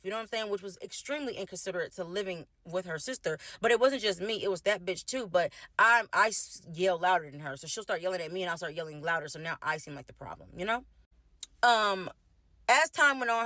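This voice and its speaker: Fast-talking, blunt young woman storyteller. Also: mid-range voice, expressive, bright, forceful tone, no echo, studio quality. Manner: blunt and profane, rapid run-on retelling. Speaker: storytime vlogger. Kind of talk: casual storytime rant.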